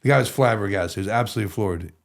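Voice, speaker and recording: A man's voice: fairly low pitch, racing, creaky. A man telling a story as a podcast guest, rambling casually with lots of "like" and self-corrections. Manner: rambling, full of "like" and restarts.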